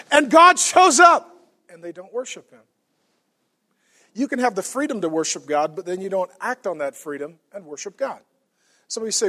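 A middle-aged man preaching a sermon as a pastor, emphatic, swinging from hushed asides to loud repeated questions. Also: high-pitched.

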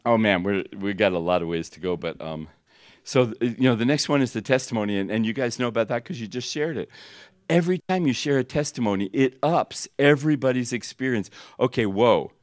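A middle-aged American man teaching a ministry school class, telling stories with laughter and pitch leaps at the high points. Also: a little fast, no room sound, clean studio sound. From United States. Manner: animated storytelling, laughing, voices jumping high for the climaxes. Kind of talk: storytelling sermon. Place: teaching room with an audience.

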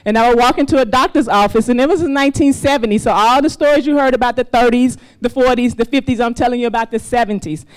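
A woman's voice: a little high, quick pace, hardly any pauses, smooth, rough recording. A woman in her fifties from Mississippi tells a personal story to a live audience, laughing often and acting out the voices she quotes. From US South, Mississippi. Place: stage before a live audience.

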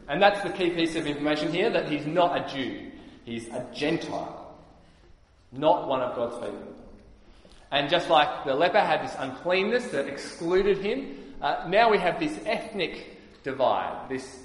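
A man preaching a sermon, explaining things earnestly with frequent pauses on "uh". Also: fairly high pitch, lively intonation. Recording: echoey hall reverb.

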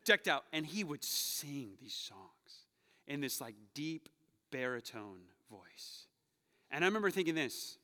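Um jovem pastor pregando um sermão, contando histórias com humor e exortando a congregação com ênfase crescente. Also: male voice, fairly high pitch, big pitch swings, measured pace. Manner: storytelling, joking, rising to loud urging. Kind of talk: sermon. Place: church sanctuary. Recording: long hall reverb.

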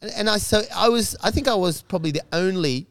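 A man with a somewhat high voice tells a rambling story in casual chat. He swears freely, restarts his sentences and breaks into laughter. The sound is dry and close. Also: fast talker, dry recording. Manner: animated, profane, laughing storyteller with many restarts. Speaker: guest telling stories.

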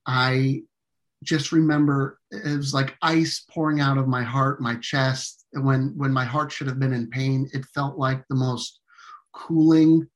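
As an interview guest, this man shares a personal story earnestly, stumbling through fillers and restarts. His delivery is flat and his voice mid-range.

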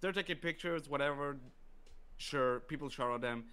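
A man telling a story in casual podcast chat, profane and animated, acting out quotes. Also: medium pitch, moderate pace, clear, resonant tone.

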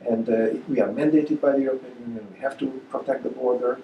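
A man answering audience questions at a lecture, halting with many fillers and restarts. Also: medium pitch, fairly even intonation, vocal fry, dull audio, a little hiss or hum. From Hungary. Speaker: guest speaker. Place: lecture hall. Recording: echoey lecture room.

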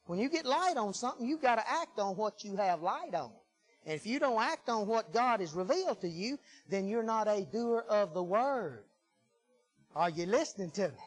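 A man preaching a sermon in a folksy, emphatic way that swings from loud to hushed. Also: high-pitched, expressive, normal speed, low-quality recording.

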